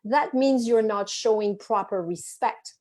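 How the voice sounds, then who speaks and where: A woman's voice: mid-range voice, measured pace. A French woman with a French accent, a travel writer chatting as a guest over a video call and acting out the people in her stories. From France. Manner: animated storyteller who acts out the people she quotes.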